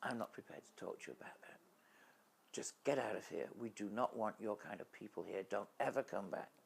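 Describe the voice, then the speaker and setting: A man voicing a furious middle-aged female doctor, shrill, scolding and dismissive. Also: brisk, vocal fry, slightly rough, exaggerated voice.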